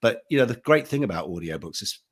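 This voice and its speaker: A man's voice: on the low side, big pitch swings, fast talker, slightly rough. A man, an actor and audiobook narrator speaking casually and anecdotally on a panel. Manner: conversational, anecdotal, with many restarts.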